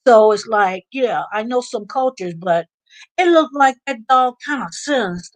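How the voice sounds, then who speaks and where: An American woman hosting a live stream, chatting and telling stories with animated asides. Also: medium pitch, moderate pace. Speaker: vlog host. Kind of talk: live stream casual chat.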